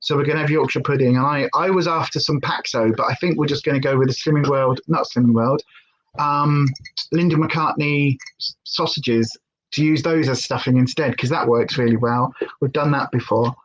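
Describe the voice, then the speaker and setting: A woman's voice: very deep voice, fairly even intonation, moderate pace, lo-fi sound. A woman chatting casually on a livestream, rambling and stopping to talk to her dog. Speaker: livestream host.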